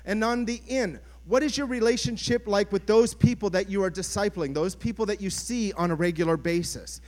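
A man's voice: sits high, brisk, a little mellow. A man, a pastor, preaching an earnest, conversational sermon and putting questions to his congregation.

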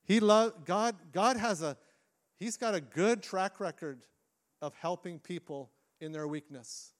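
A middle-aged man, a lead pastor, preaching a sermon in a church with earnest delivery, restarting phrases and shifting between quick and slow phrasing. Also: high voice. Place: church sanctuary.

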